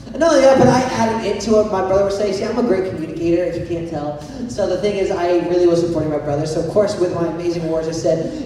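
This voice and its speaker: A man's voice: a little high, warm tone, slight background noise. A young man giving a playful, joking youth sermon, telling a story and asking the audience to raise their hands. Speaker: youth pastor. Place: large hall with an audience. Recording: echoey hall recorded from far off.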